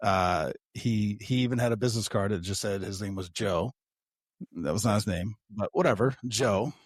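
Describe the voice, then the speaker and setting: A man co-hosts a casual podcast and wanders through long personal stories, dropping the odd curse and laughing at his own jokes. His voice sits a little low. The sound is dry and close. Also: moderate pace, dry recording. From United States. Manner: rambling storyteller, casual swearing. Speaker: podcast co-host.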